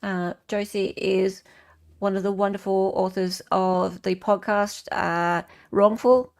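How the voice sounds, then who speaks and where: A woman's voice: medium pitch, steady tone, slow pace, a little mellow. An Australian woman hosting a casual livestream chat, greeting viewers and reading their comments aloud. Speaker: livestream host.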